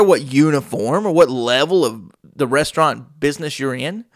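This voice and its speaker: A man tells a story on his podcast. He acts out each voice in it with lively energy. The sound is dry and close, with no room echo. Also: mid-range voice, moderate pace, few pauses. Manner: animated storyteller acting out quoted dialogue. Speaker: podcast host. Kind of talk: storytelling monologue.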